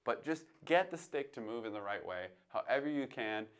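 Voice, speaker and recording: A man teaching jazz drumming, calmly coaching and counting beats aloud between demonstrations. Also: mid-range voice, moderate pace, clear, resonant tone. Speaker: drum teacher. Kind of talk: instructional demonstration. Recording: drums playing behind the voice. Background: drum playing between phrases.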